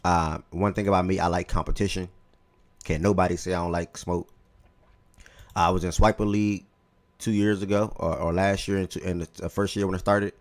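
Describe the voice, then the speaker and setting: A man hosting a casual fantasy football talk show, animated and profane, swinging between heated outbursts and low mutters. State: eating oatmeal while talking. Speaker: podcast host.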